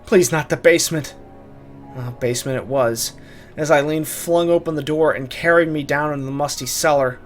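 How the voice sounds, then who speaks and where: A man's voice: on the high side, a little fast, faint music behind. A man narrating a first-person horror story, dramatic and urgent in his telling.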